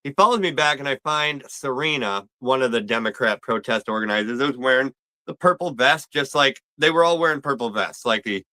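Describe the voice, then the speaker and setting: A laid-back male guest rambles brisk and casual through his story, packing in plenty of fillers. His mid-range voice is very bright and crisp, recorded dry and close with no room echo.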